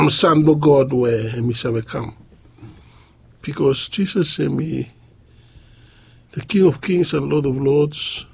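A man preaching a sermon, halting and pausing often. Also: medium pitch, a little mellow, breathy edge. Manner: halting, with many pauses and fillers.

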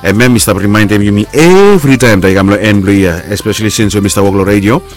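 A man's voice: quick pace, faint music behind. Rambling male radio host. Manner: rambling, animated, pitch jumps up on quoted lines. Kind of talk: casual radio talk with listener shout-outs.

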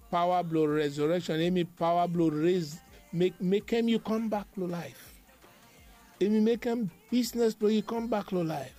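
High-voiced preacher. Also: male voice, dark tone. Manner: repetitive, emphatic preaching cadence. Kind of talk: devotional sermon.

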